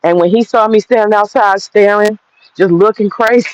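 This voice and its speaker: A woman's voice: medium pitch, normal speed, muffled recording, slight background noise. A woman in her forties telling a personal story straight to viewers, blunt and profane, laughing through it. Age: 40s. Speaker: vlogger.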